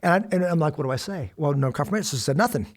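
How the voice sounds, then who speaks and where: A middle-aged American man telling a story as a guest, animated and acting out quoted lines with sudden loud bursts. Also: fairly high pitch, very fast. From United States. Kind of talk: storytelling in a conversation.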